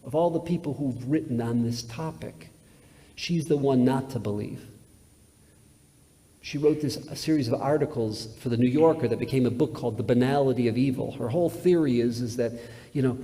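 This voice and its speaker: A man's voice: medium pitch, normal speed, mellow. A male rabbi giving a sermon-style lecture in a synagogue, telling a story emphatically with repetitions and sudden swings in volume. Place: large synagogue sanctuary. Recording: reverberant hall, live webcast.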